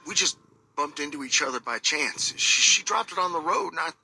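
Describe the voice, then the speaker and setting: A frightened man pinned at gunpoint, stammering and tripping over his own words. His voice sits high and sounds raspy, with a bright, strained edge. He is a panicked captive in a game scene. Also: animated, a little fast, full character voice, rough recording. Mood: terrified. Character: terrified man held at gunpoint. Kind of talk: video game voice acting.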